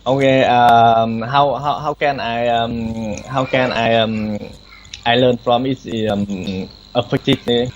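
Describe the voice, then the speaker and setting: A man's voice: mid-range voice, steady tone, slow pace, lo-fi sound, slight background noise. A man learning in an online lesson, speaking hesitantly with many fillers and restarts. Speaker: student.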